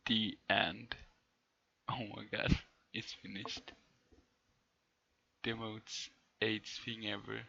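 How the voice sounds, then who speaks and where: A man reading fan fiction on a live stream with a bright, forceful tone. He takes it slowly and deadpan, repeatedly breaking into laughter. The sound is dull and lo-fi. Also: on the low side, creaky, slight background noise.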